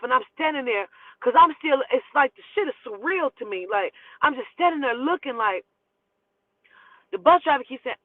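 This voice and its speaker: A woman telling a personal story in casual, animated, profane speech and acting out the dialogue. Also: sits high, dry recording. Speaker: storyteller host. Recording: dry, phone-like thin sound.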